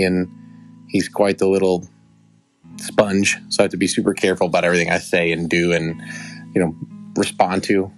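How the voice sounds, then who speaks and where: A man's voice: low voice, gravelly. A young adult man hosting a podcast, telling a rambling, affectionate story with many restarts. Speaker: podcast host. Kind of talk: casual storytelling.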